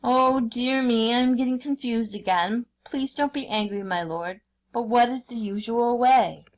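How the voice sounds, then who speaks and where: A woman's voice: fairly high pitch, unhurried, voice pushed up, natural voice. A woman reading a story aloud, voicing a sly male jackal who acts confused and fussy. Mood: feigned confusion. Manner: dithering, exaggeratedly puzzled.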